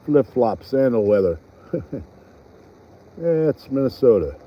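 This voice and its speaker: A man's voice: medium pitch, big pitch swings, takes it slowly, dark tone, rough recording. A man chatting casually on a fishing vlog by a pond, rambling with fillers. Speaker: fishing vlogger. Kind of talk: casual outdoor vlog narration. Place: outdoors by a pond.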